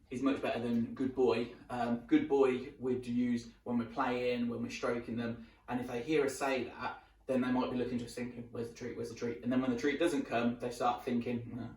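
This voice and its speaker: Man teaching dog training in a roomy space. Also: medium pitch. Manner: repeats a short marker word while explaining; relaxed, with fillers and restarts. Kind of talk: instructional demonstration. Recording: roomy sound from some distance.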